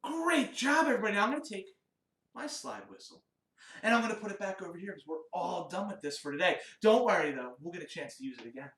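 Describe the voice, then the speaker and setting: A man's voice: sits high, sing-song, fast, a bit bright, distant mic, slight background noise. A man teaching a children's music lesson, upbeat and encouraging as he talks to young kids. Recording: roomy, off-mic, guitar behind.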